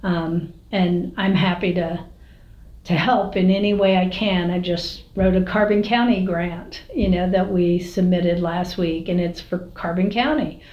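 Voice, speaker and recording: A woman's voice: fairly low pitch, steady tone, unhurried. Woman mayor chatting in a roomy space. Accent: American. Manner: candid, storytelling, frequent fillers and restarts. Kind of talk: casual interview talk. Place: city hall office. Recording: roomy, slightly dull recording.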